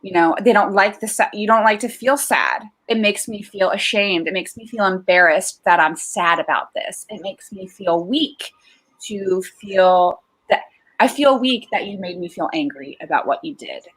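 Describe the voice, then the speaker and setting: Woman therapist guest, easygoing explainer, mid pitch, laughs a lot. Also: moderate pace, poor audio. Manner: warm, explanatory, laughs easily. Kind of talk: casual chat.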